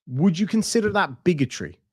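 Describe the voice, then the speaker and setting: Fairly quick and slightly rough, this man's high voice carries lively intonation, with no room sound and studio-quality audio. He's an Irish live-stream host answering chat in a casual, blunt way, cursing freely and quick to laugh.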